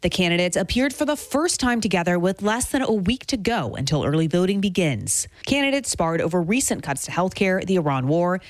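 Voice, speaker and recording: A woman filing a scripted radio news report with expressive delivery. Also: lowish voice, no echo.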